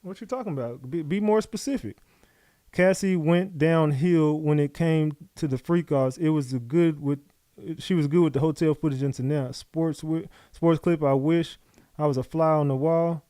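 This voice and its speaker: A man with a New York accent runs a live commentary stream, reading updates aloud and talking straight to his chat. His voice sits a bit high, and the sound is close and dry. He swears often and sounds animated throughout. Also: no room sound. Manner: profane, animated, talks to chat. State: out of breath. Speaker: livestream commentator.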